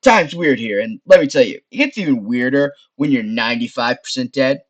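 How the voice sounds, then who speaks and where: A man's voice: medium pitch, lively intonation, fairly quick, lo-fi sound, natural voice. A man playing Frank, a wisecracking floating skull. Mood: brash. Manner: brash, chummy, calls the listener boss.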